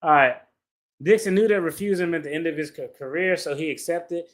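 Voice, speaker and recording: Guy reading a lawsuit out loud and riffing on it, cussing, slangy, kinda high voice for a dude. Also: brisk. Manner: blunt and profane, breaks into laughter, slangy asides. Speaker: attorney reacting to a lawsuit. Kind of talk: casual reaction commentary, reading a complaint aloud.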